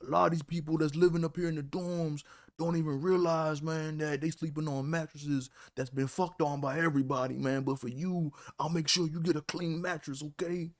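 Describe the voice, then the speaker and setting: A man voicing a friendly young male dorm-mate who smoothly talks him into a deal, repeating "man" throughout. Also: a little high, steady tone, brisk, pitched above the performer's own voice, close to an everyday voice. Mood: persuasive.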